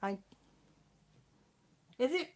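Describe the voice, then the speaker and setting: Chatty Welsh woman in her sixties. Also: very slow. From Wales. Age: 60s. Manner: chatty, rambling, reads viewer comments aloud. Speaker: channel host reading live chat. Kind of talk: casual live-stream chat.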